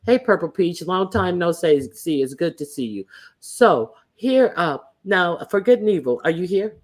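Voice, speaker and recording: A woman's voice: lowish voice, animated, normal speed. Sassy, profane woman livestream host. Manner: hesitant, lots of fillers and restarts. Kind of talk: casual commentary livestream.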